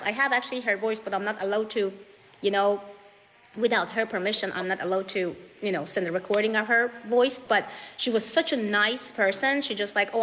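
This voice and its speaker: A woman's voice: mid-range voice, fairly bright tone. Emphatic woman on a live stream, echoey. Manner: emphatic, repetitive, fast-shifting emphasis. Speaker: guest answering questions. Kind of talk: emotional live-stream account. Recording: long reverb, faint noise.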